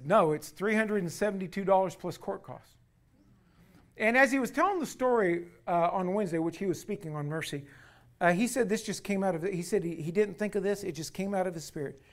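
Guy with a high voice preaching, loud scripture bits then quiet storytelling asides, lots of uhs. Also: moderate pace. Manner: preaching with emphatic scripture readings and retold anecdote; frequent fillers, swings from loud emphasis to quiet asides. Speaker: pastor. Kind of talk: sermon.

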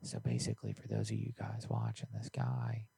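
A young man hosting a prank call show, joking loudly and rambling in casual chat. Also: fairly low pitch, big pitch swings, normal speed, gravelly, husky, no echo.

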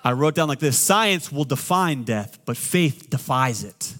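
A middle-aged man, a pastor, preaching a sermon with joking asides, swinging between loud and quiet. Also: medium pitch, animated, measured pace.

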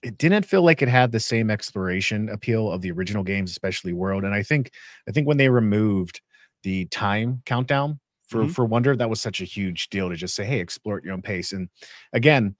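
A man co-hosting a podcast, chatting eagerly and restarting his sentences as he gets excited. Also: on the low side, moderate pace, no room sound, clean studio sound. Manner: enthusiastic, many restarts and fillers. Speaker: podcast co-host. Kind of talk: casual chat.

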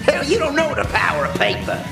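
An actor playing a brash, greedy teenage gang boss who trash-talks in swaggering slang and rhyming boasts, in an anime English dub. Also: male voice, extremely high pitch, huge pitch swings, a little fast, gravelly, heavily acted. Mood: mocking. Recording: roomy dub clip over loud music.

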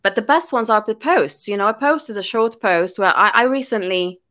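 A woman's voice: mid-range voice, brisk, fairly bright tone. A woman chatting on a podcast as a guest business coach, telling stories animatedly and laughing often. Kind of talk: casual podcast chat.

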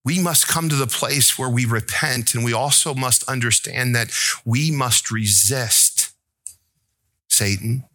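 Bright-voiced preaching man. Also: measured pace, dry recording. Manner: asks the congregation questions and tells jokes; rises to an emphatic, pleading pitch. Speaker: pastor. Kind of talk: sermon.

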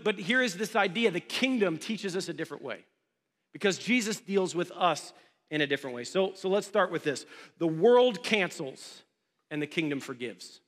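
A pastor giving a conversational sermon, often asking the congregation questions. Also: male voice, high voice, fairly bright tone. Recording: long hall reverb.

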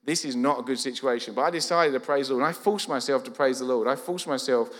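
Fast male preacher, 40s, medium pitch, long church-hall reverb, animated storyteller. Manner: lively, acts out quoted dialogue. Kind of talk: storytelling sermon.

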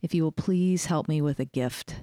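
A woman's voice: low-pitched, moderate pace, warm tone, dry recording, studio quality. A woman hosting a library podcast in a casual, chatty way, laughing easily. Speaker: podcast host. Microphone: studio microphone.

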